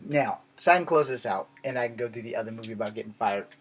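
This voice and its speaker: A man's voice: mid-range voice, fast talker, slight background noise. Blunt man ranting to camera. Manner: blunt, conversational, swears casually. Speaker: vlogger. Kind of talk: casual monologue to camera.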